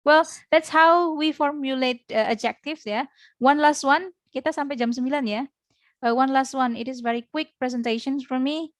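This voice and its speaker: Indonesian-accented woman teacher, higher voice, dry close computer mic, patient and halting online lecture. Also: dry recording. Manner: patient, explains word by word with many pauses. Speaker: English teacher.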